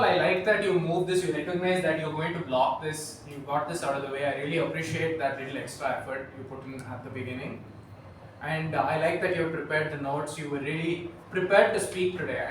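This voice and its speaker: A man giving upbeat, praising feedback at a club meeting. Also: a little high. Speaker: general evaluator. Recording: echoey room, far from the mic, noise.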